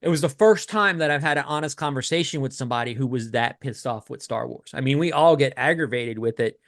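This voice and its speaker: A man co-hosting a collecting podcast, chatting casually in a rambling, halting way with many restarts. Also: medium pitch, dry recording, studio quality. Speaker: podcast co-host. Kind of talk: casual chat.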